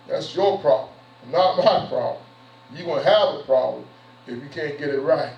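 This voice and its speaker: A man's voice: fairly high pitch, a little mellow, a little hiss or hum. A man, a bishop addressing his church service in a preachy, conversational, repetitive way. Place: church sanctuary. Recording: roomy, distant, dull church recording.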